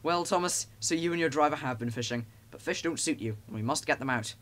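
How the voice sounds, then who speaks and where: A man's voice: a little high, fast talker, a bit bright, lightly acted. A man voicing a cheerful, firm older railway boss in a storybook reading. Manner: cheerful, commanding.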